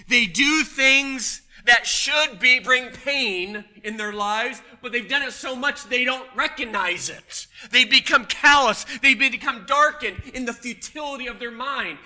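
A man preaching a sermon, telling a personal story with emphatic, loud punches. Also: extremely high pitch. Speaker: pastor.

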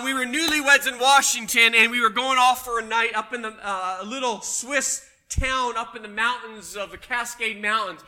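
Bright high-voiced preacher. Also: male voice. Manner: storytelling, emphatic preaching with loud punches. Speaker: pastor. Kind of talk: sermon.

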